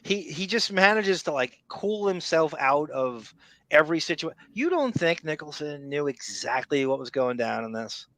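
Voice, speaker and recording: A man's voice: fairly high pitch, very animated, normal speed, a bit bright, no room sound. A man co-hosting a podcast, talking in a casual, opinionated and rambling way, full of restarts. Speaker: podcast co-host. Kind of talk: casual chat.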